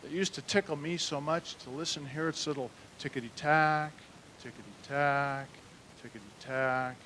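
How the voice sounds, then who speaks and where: A man's voice: on the high side, a little fast, a bit bright, a little hiss or hum. A man hosting an open comedy night, doing a bit and hyping the crowd to bring up the next act. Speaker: open mic host and comic. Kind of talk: stand-up and emceeing. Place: small comedy club stage.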